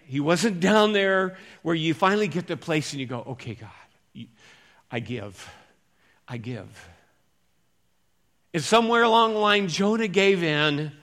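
A male pastor preaching a conversational sermon, moving between loud emphatic phrases and quiet, low asides.

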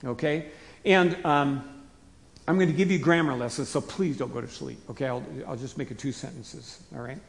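A man preaching a conversational sermon to his congregation in a folksy way, rising to emphatic bursts and dropping to quiet asides. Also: medium pitch, normal speed, gravelly. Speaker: pastor. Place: church sanctuary. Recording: long hall reverb.

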